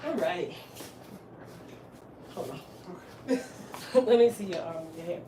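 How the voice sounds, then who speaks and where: A woman's voice: fairly low pitch, slow, far from the mic. A woman who runs a hair salon, telling a story in casual chat and acting out the lines of the people in it, with frequent laughter. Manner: animated, acts out quoted lines, laughs often. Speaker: hairstylist and salon owner. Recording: roomy room, voice from off mic, faint hiss.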